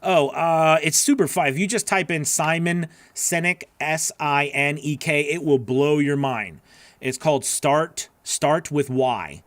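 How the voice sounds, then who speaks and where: A man's voice: a little high, measured pace, fairly bright tone, no room sound. A man hosting a live voice-over class, answering chat questions in an earnest, encouraging way that rambles with restarts.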